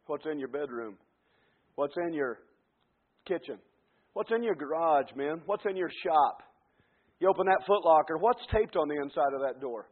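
A man preaching a fervent sermon, dropping to quiet asides and then building to shouted climaxes. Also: on the high side, lively intonation, moderate pace, long pauses. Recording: tinny phone-like radio broadcast.

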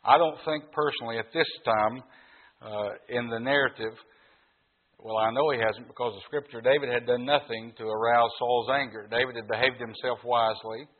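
A man's voice: medium pitch, fairly even intonation, moderate pace. A man preaching a sermon in a folksy, conversational way, asking his congregation questions. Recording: tinny, phone-like sound.

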